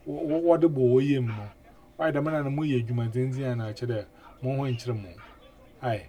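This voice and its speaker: A man hosting a casual radio chat, animated and full of 'eh' fillers and repeated words. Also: medium pitch, fairly quick. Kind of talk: casual chat in mixed languages.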